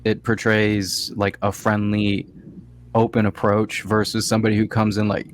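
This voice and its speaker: A man's voice: on the low side, completely flat delivery, normal speed. A young man co-hosting a podcast in casual chat, speaking loosely with lots of fillers while explaining ideas. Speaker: podcast co-host.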